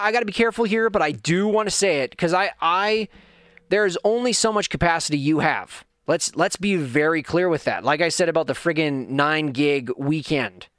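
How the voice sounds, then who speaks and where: Middle-aged male podcast host, slightly high voice, earnest and heartfelt, dry close-miked sound. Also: fairly bright tone, smooth, no room sound. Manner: earnest, heartfelt, rising to emphatic calls-out. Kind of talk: solo podcast monologue.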